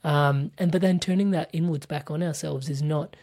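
A man hosting an interview as a purpose coach, talking in a rambling, animated way, often laughing. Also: a little high, normal speed. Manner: animated, laughs often, acts out quoted voices; rambling with many fillers and restarts. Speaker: podcast host and purpose coach. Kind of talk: casual conversational interview.

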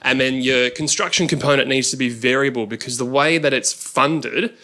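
A man's voice: mid-range voice, normal speed, bright, forceful tone. A man with an Australian accent, a mortgage broker, explaining loans plainly and in a friendly way at a live Q&A.

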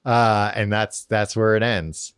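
A man's voice: fairly low pitch, fairly even intonation, slow pace, fairly bright tone, smooth, dry recording, clean studio sound. A man co-hosting a podcast, recapping a book in casual chat with lots of fillers, restarts and laughter. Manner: rambling, filler-heavy, laughs often. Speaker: podcast co-host.

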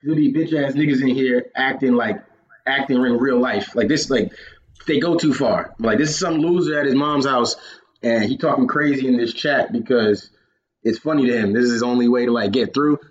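A man's voice: medium pitch, moderate pace, dull audio. A young man from Georgia hosting a podcast, telling gaming stories in a casual, profane way and laughing often. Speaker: podcast host. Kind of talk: casual chat.

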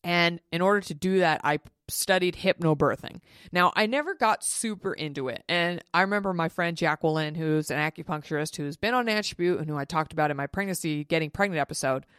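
A woman's voice: on the low side, brisk, few pauses, fairly bright tone, smooth, no echo, clean studio sound. A woman in her thirties hosting a solo podcast, chatty and frank, swearing freely and acting out what others said. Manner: chatty, frank and profane, with mimicked quotes. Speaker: podcast host. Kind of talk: casual solo podcast chat.

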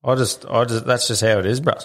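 A man's voice: medium pitch, steady tone, quick pace, fairly bright tone. A man with an Australian accent hosting a casual podcast, swearing and calling his guests mate and bro. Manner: blokey, swears, calls people bro and mate. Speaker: podcast host.

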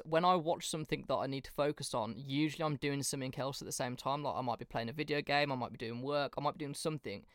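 A man's voice: mid-range voice, dry recording, clean studio sound. Joking man co-hosting a podcast. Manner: relaxed, quick-witted, joking. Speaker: podcast co-host. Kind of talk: casual podcast chat.

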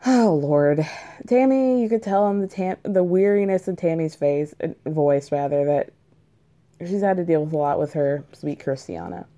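A woman's voice: low-pitched, moderate pace, mellow. A woman giving casual, sarcastic commentary on a reality show, swearing freely and peppering her speech with "like.". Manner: chatty, sarcastic, swears freely, many "like" fillers.

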